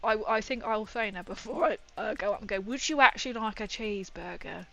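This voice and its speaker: A woman's voice: mid-range voice, a little fast, gravelly, a bit bright, highs cut off, soft background music. A young woman chatting casually on a livestream while building a model, rambling and often laughing.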